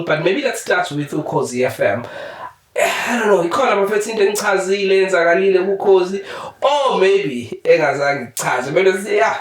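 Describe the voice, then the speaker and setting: A man with a South African accent co-hosting a podcast. He talks quickly, mixes Zulu with English and chuckles often. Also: fairly high pitch, echoey room, far from the mic, a little hiss or hum. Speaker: podcast co-host. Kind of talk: casual studio chat. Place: studio.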